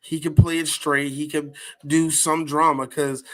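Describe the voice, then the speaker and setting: A man in his thirties co-hosting a podcast, chatting casually and animatedly, laughing often. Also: measured pace. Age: 30s. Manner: animated, laughs often, jumps into high mocking voices. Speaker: podcast co-host. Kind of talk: casual chat.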